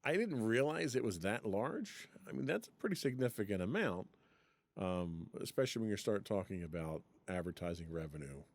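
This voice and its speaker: Man, podcast co-host, lively up-and-down pitch, dry close sound, chatty, laughs a lot. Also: normal speed, no room sound. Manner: chatty, laughs often, reads from an article. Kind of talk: casual podcast chat.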